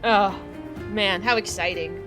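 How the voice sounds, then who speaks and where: A woman's voice: medium pitch, slow pace, a bit bright, soft background music. A woman in her forties chatting casually with her viewers while streaming a game, rambling and gushing with frequent laughter. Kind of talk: casual livestream chat while gaming.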